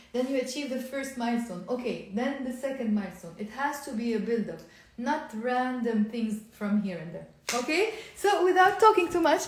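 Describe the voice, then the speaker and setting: A woman from Lebanon with a Lebanese accent, teaching a live online language lesson with energetic, coaxing repetition. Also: fairly high pitch. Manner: energetic, coaxing, repeats words for emphasis. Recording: very echoey room.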